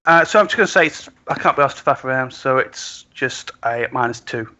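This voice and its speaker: A man's voice: medium pitch, lively intonation, fairly quick, bright, forceful tone. A man narrating as game master of an online tabletop game, hesitant, with lots of "uh". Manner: hesitant, filler-heavy.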